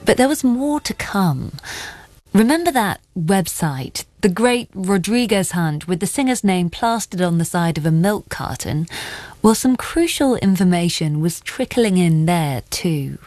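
A woman hosting a show who narrates a scripted story in a measured way and asks interview questions. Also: fairly low pitch, lively intonation, a little mellow, dry recording, soft background music. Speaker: host and narrator.

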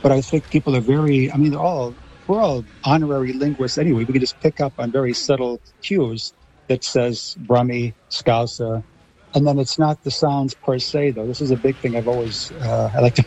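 A man with an American accent, from Los Angeles, making measured, lecturing points as a radio panel guest. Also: mid-range voice, fairly even intonation, a little mellow, low-quality recording. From Los Angeles, USA. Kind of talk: radio discussion.

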